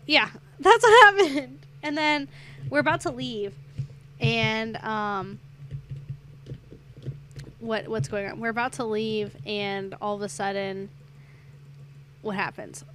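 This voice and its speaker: A woman's voice: a little high, fairly even intonation, takes it slowly, pauses often, a bit bright, slight background noise. A young adult woman streamer chatting casually while gaming, rambling through a story and getting sidetracked by the game.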